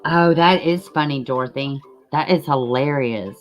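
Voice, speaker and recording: A woman's voice: low voice, measured pace, soft background music. A woman hosting a casual livestream, chatting to viewers, swearing casually and laughing often. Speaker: livestream host. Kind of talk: casual livestream reaction commentary.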